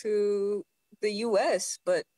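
Slow, deadpan woman on a video call. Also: medium pitch, dry recording. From Eastern Europe. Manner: deadpan, halting, hesitant. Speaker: guest comedian. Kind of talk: casual joking chat.

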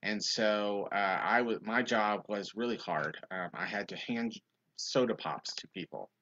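A young man, a youth minister, telling a funny story in a casual livestream chat and reading viewer comments. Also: measured pace. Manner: animated storyteller, high-pitched quoted voices. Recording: dull lo-fi livestream audio.

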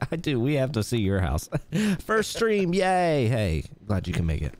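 Male streamer with a lowish voice, easygoing live-chat host who keeps chuckling. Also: sing-song, a little slow, dark tone. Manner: reads viewer names aloud, chuckles often. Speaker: livestream host.

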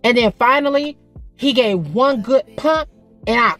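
A woman's voice: a little high, big pitch swings, moderate pace, a bit bright, faint music behind. Chatty profane woman vlogger, story time. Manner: chatty, frank and profane, calls the viewer "girl" and "baby". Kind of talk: casual story-time vlog.

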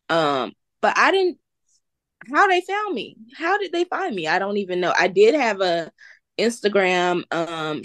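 A woman from the American South, with a fairly low, fairly bright voice, is a guest entrepreneur in a casual interview. She tells her story earnestly, expressing faith in God, on a dry recording.

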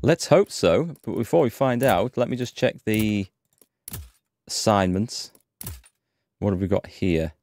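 A man's voice: on the low side, unhurried, long pauses, a little mellow. A man hosting a gaming channel, chatting and thinking aloud as he plays. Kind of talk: let's-play commentary.

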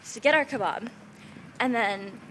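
Woman, vlogger, high voice, playful and bubbly, handheld camera, outdoors, clear street traffic noise. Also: normal speed, fairly bright tone. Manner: bubbly, playful, exclaims often. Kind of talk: casual vlog chat. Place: outdoors on a busy downtown street.

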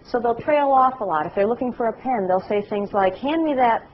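A middle-aged woman giving a class lecture, telling anecdotes in a lively way and acting out the voices of people she describes. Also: a little high, fairly quick, dull audio, slight background noise. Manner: animated storytelling, acts out voices.

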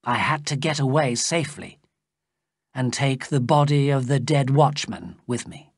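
A narrator reading a graded story aloud slowly and plainly for English learners. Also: dry recording, studio quality. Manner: slow, clear storytelling with lively pitch. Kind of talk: slow scripted audiobook narration for English learners.

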